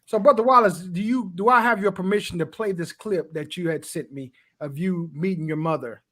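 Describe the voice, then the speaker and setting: Bright-voiced male interview host. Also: high-pitched, brisk. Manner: soft-spoken, gently asks the guest's permission. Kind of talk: interview questions.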